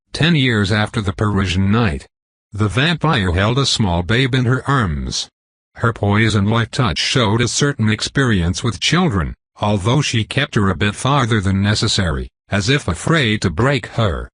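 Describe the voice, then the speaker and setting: A man narrating a dark fantasy web novel in a steady, measured storytelling voice. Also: fairly low pitch, breathy edge, dry recording, studio quality. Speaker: audiobook narrator.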